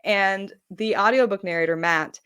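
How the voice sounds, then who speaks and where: Talking at a normal speed, this woman novelist is a live-stream guest on a video call, enthusiastic and chatty, often starting sentences over and using filler. Her voice is medium in pitch with a sharp, clean tone.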